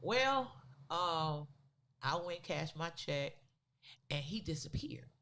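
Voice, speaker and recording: A woman co-hosting a podcast, telling a personal story in a casual, animated way with loose, vernacular phrasing. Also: low voice, slow, a little hiss or hum. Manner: animated, acts out the people in her story. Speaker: podcast co-host.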